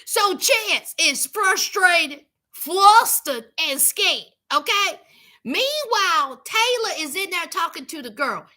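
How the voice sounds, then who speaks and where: Sassy high-voiced woman recapping a show. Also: expressive, slow, bright, forceful tone. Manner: sassy, chatty, addresses viewers. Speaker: reality show recap host. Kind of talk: casual comedic recap.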